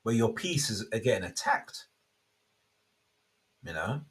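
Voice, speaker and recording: A man's voice: fairly low pitch, sing-song, slow pace, slightly rough. A man, hosting a casual faith talk and rambling with many self-interruptions. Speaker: host.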